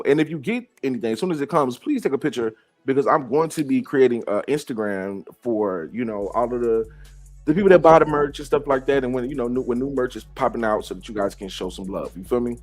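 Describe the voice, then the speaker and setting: A man hosting casual celebrity gossip commentary, sassy and profane, jumping to sudden high exclamations.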